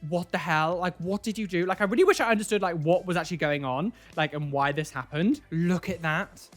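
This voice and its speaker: A man's voice: high-pitched, quick pace, faint music behind. A man hosting a casual reaction video, talking in an incredulous way that is full of repeated "like" and "what", and giving preachy warnings to viewers.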